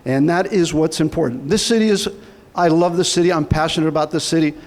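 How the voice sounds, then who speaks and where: Man, political candidate, heartfelt, fairly high pitch, reverberant room. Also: fast talker, darkish tone. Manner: heartfelt, storytelling. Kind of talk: campaign speech. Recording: hall reverb.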